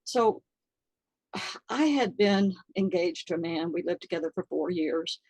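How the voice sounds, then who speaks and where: An older woman telling a personal story in an interview, halting and earnest, with many fillers, close to tears. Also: fairly low pitch, animated, a little mellow, husky, dry recording, low-quality recording. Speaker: interview guest.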